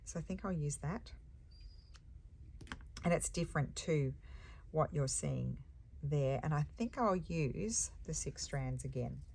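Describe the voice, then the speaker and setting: Low-voiced chatty woman crafter. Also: lively intonation, slow pace, vocal fry, pauses often, darkish tone, slight background noise. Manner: rambling, chatty, thinks aloud with hums and ums. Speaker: embroidery crafter and shop owner. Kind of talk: casual chat while stitching.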